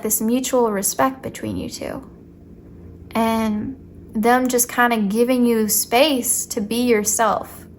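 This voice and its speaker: Against slight background noise, a young woman with a sweet voice pitched on the high side reads tarot for her viewers. She keeps things casual, playful and chatty, leaning on "like" often as she talks to them directly.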